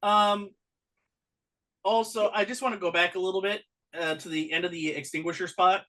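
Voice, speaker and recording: A podcast co-host in a loose wrestling recap, wry and teasing in quick exchanges. The voice has a bright, forward tone at a middling pitch. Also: fairly even intonation. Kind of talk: casual wrestling recap chat.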